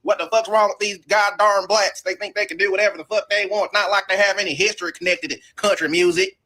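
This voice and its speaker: Guy doing a drunk angry redneck country dude, sneery, high and bright. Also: fairly even intonation, quick pace. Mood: belligerent. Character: drunk bigoted country man, middle-aged, belligerent.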